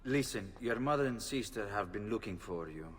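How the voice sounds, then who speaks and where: A middle-aged man voicing a calm, commanding noble father in a video game. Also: fairly low pitch, long reverb tail, a little hiss or hum. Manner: measured, authoritative orders.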